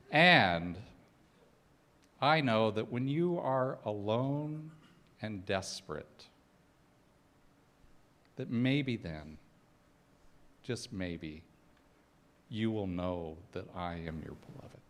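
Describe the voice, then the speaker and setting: Animated middle-aged man giving a talk. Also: fairly low pitch, very slow, long pauses, a little hiss or hum. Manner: conversational storytelling with humorous asides. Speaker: spiritual speaker. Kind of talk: personal sermon talk.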